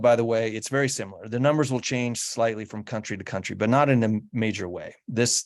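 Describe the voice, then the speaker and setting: A man giving a slide presentation, explaining patiently and often restarting his sentences. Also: fairly low pitch. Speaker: guest speaker on home electrification.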